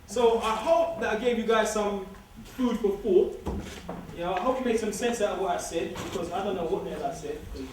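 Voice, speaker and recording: A man's voice: high-pitched, fairly quick, noisy background. Streetwise man in an echoey hall. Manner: streetwise, joking, emphatic repetition. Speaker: guest speaker. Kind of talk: informal lecture to a student society. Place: large lecture hall. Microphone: far room recording. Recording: distant echoey hall recording.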